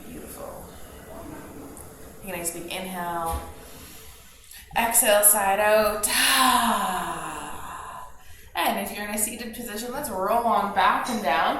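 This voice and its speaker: A woman guiding a gentle yoga class from her home studio, calm and soothing, with chatty asides. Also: mid-range voice. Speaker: yoga teacher. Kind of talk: guided yoga class instruction. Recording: very echoey home room with faint household noise. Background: household noise, TV news and dishwasher.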